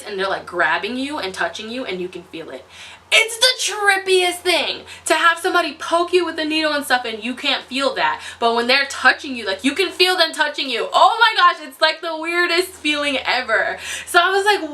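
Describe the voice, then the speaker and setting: A young woman casually telling a personal story to camera, animated and quick to laugh, acting out the voices of people she quotes. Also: distant mic. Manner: animated, acts out quotes with big pitch swings, laughs often. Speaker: vlogger.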